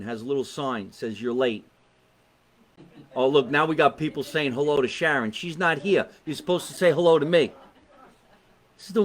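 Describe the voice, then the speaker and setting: A man with a New Jersey accent hosting a live online comedy talk show from his basement, brash and joking with viewers, swearing freely. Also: medium pitch. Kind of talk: casual live-stream chat. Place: home basement.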